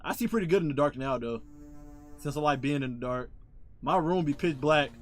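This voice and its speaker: A young man streaming a game from his room on a headset mic, chatting in slangy casual commentary and yelling loudly at the scares. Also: fairly high pitch, a little fast. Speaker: gaming streamer. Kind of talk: casual live gameplay commentary.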